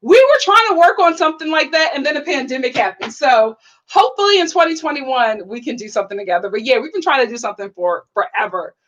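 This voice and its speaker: A young woman hosting a casual livestream, chatty and bubbly, full of "like" fillers and sudden excited high exclamations. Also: fast, low-quality recording. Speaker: YouTube reality-TV reviewer reading live chat.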